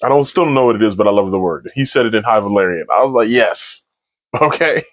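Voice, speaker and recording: A man giving a casual spoiler recap of a TV episode in a slangy, animated way. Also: on the low side, fast, no room sound. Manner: slangy, animated, laughs often. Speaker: TV episode reviewer.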